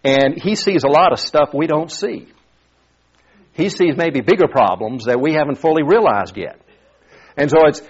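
A man's voice: fairly high pitch, expressive, moderate pace, breathy edge. A pastor preaching a sermon in a conversational way, often repeating words as he thinks. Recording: dull lo-fi sound.

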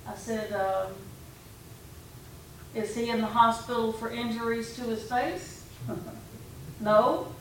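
A woman's voice: a little high, takes it slowly, pauses often. Woman preaching in an echoey hall. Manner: conversational storytelling preaching, quoting her own talks. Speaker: pastor. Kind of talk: sermon. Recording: echoey room from far off, faint background noise.

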